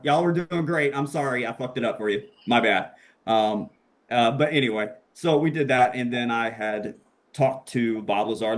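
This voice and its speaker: A young man appearing as a podcast guest tells a story casually, excitably, and with plenty of profanity, acting out the voices of the people he quotes. His pitch is medium.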